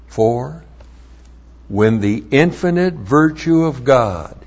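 A man teaches verse by verse from the Bible at a very slow, deliberate pace. He leans hard on key phrases and repeats them for emphasis, at a middle pitch. The recording is dull and lo-fi. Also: animated, darkish tone, husky.

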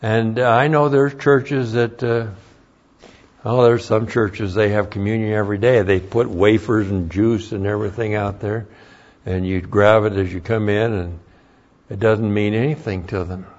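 A man teaching a Bible class as a pastor, deliberate and emphatic, pressing on key words in sermon style. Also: lowish voice, fairly even intonation, a little mellow, lo-fi sound.

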